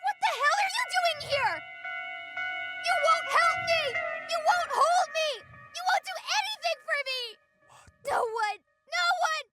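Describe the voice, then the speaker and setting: Brief: a proud, fiery teenage girl pilot, very high, swooping voice, loud score underneath. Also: animated, unhurried, music in the background. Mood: furious. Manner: defiant shouting that breaks into desperate pleading. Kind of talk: anime English dub. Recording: dub clip over loud score.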